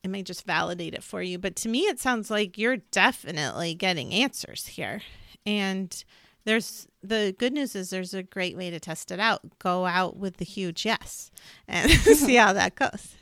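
Woman cohost rambling casually, lots of "like", crisp voice, dry close mic. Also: medium pitch, expressive, normal speed, fairly bright tone, dry recording. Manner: chatty, loose, full of "like" asides. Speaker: podcast co-host. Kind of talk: casual spiritual chat.

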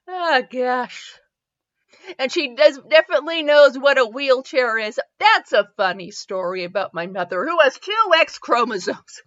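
A woman with a Midwestern accent hosts a comedic fanfiction reading. Her voice is high, bright and bouncy, and she rambles and giggles between sentences. The recording is dull and lo-fi, with a dry sound. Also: lively intonation, a little slow, pauses often. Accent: Midwestern American. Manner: giggly and rambling, with frequent laughter. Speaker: fanfiction reviewer and host.

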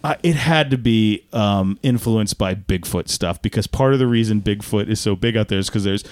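A man co-hosting a podcast, chatting casually about a movie in a rambling, tangential, animated way. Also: lowish voice, moderate pace, no echo. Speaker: podcast co-host.

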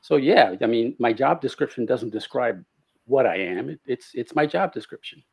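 A man joining a casual talk show, answering questions in a thoughtful, measured way. His voice is gravelly and husky. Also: medium pitch, animated. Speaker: engineer. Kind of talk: casual chat.

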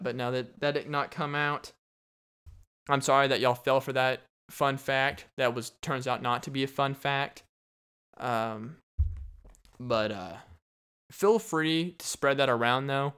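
A man's voice: mid-range voice, fairly bright tone, smooth. A young man hosting a casual solo podcast, rambling and joking and laughing often. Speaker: podcast host.

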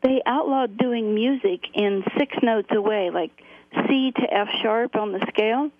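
Her voice runs a little high and a little slow as this middle-aged guest earnestly recounts her story over the phone. She leans on fillers often, and the tinny line colors the interview.

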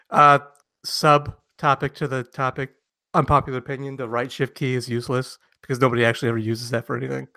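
Male podcast co-host, bright slightly high voice, animated storyteller, dry close mic. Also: a little fast, vocal fry, no room sound. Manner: animated storyteller, acts out quotes loudly. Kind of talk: casual chat.

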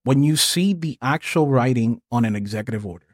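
An American man co-hosts a political podcast, ranting heatedly and swearing often, his voice rising when he gets angry. He talks briskly in an expressive, mid-range voice. The recording is dry and studio quality.

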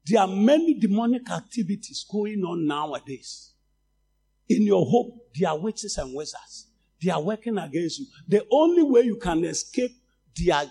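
A Ghanaian man preaching a sermon in a high, husky voice with a gravelly edge. His pitch swings widely as he moves from calm teaching into loud, shouted exhortation. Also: normal speed. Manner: switches between English and Twi, rising to shouts.

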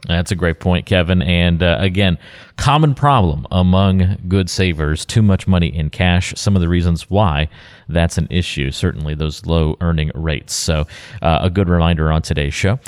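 A man hosting a radio talk show, introducing topics and reading out the call-in number in a smooth, announcer-like way. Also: deep voice, darkish tone. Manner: smooth announcer-like delivery, reads phone number.

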